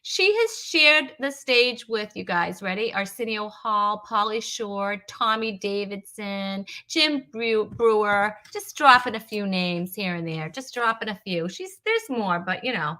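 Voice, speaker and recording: A woman's voice: mid-range voice, animated, unhurried, hardly any pauses, pushed and bright. A woman from Rhode Island hosting a live comedy stream, chatty and teasing, rambling with fillers as she greets viewers. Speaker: host.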